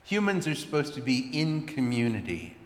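A man, a pastor, telling a personal story in a sermon with chatty, animated asides. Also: mid-range voice, normal speed. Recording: echoey hall with long reverb.

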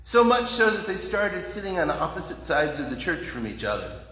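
Man, pastor, storytelling sermon, folksy and conversational, slightly high voice, roomy echo. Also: big pitch swings, normal speed, sharp tone. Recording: echoey hall reverb.

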